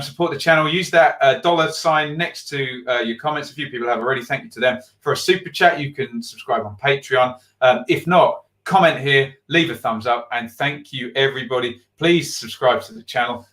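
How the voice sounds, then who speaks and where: A man's voice: medium pitch, fairly bright tone. Chatty man hosting a football stream. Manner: chatty, reads viewer comments, many fillers. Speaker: football channel host. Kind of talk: live-stream match review and chat.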